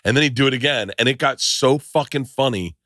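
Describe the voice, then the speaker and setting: A middle-aged man hosting a podcast, chatting casually and telling stories with excitement, acting out what people said. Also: mid-range voice, a little fast, no room sound, clean studio sound. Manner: excitable storyteller acting out quotes. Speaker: podcast host. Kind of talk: casual chat.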